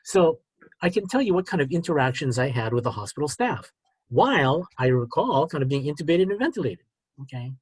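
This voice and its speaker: A middle-aged man, a physician, telling a personal story in an earnest, halting way over a webinar video call. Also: fairly high pitch, very animated, breathy edge, dry recording. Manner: earnest, halting storyteller with many "you know" and "okay?". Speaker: physician speaker.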